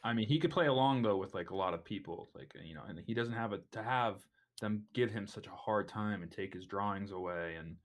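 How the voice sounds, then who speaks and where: A young man co-hosting a podcast, chatting casually about a film with halting starts and repeated words. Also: on the low side. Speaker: podcast co-host.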